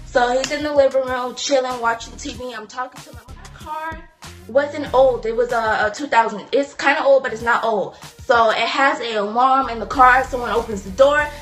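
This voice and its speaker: Teen girl vlogger, high voice, chatty storytime, faint music behind. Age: teens. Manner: chatty, animated, indignant asides with quick apologies. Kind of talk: casual storytime vlog.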